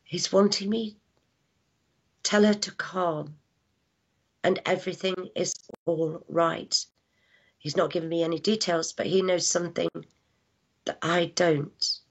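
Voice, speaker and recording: A woman working as a psychic medium, giving a live reading with halting speech, lots of fillers, hushed asides and affectionate words like darling. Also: on the low side, steady tone, slightly rough. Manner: affectionate, calls people darling and my lovely. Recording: dull lo-fi sound.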